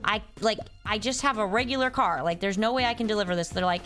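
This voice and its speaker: Young female streamer, casual and exasperated, chatting over quiet music. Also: mid-range voice, fast talker. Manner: exasperated ranting, reads chat names aloud. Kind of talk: casual live-stream chat.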